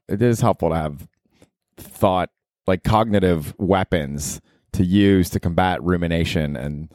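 A low-voiced man hosts his own comedy podcast, talking alone in a loose, profane ramble. He mocks himself and leans into sudden bursts of emphasis. The sound is close and completely dry. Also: a little mellow, dry recording. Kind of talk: casual solo podcast monologue.

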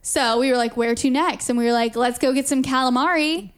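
A woman co-hosting a podcast in casual chat, talking fast and loose with lots of fillers and frequent laughs. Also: sits high, clean tone. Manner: chatty, laughs often, many "like" fillers. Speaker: podcast co-host.

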